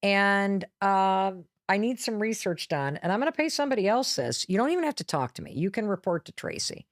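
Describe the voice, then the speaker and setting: A middle-aged woman, a motivational speaker appearing as a podcast guest, telling a candid, lively story and acting out quotes as she goes. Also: medium pitch, a little fast, no echo, studio quality.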